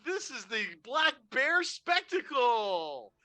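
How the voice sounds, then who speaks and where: A game master voicing an adult male clown whose jolly act hides a gruff drinker, swinging between forced cheer and cursing. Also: high-pitched, lively intonation, slow, pushed and bright, voice pushed up, heavily acted. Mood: sarcastic cheer.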